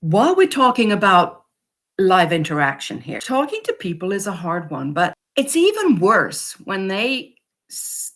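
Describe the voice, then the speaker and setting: A woman's voice: mid-range voice, a little slow. Encouraging woman giving pricing advice. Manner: encouraging, lively, acts out customer quotes. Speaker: upcycled clothing maker and vlogger. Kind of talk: casual advice to camera.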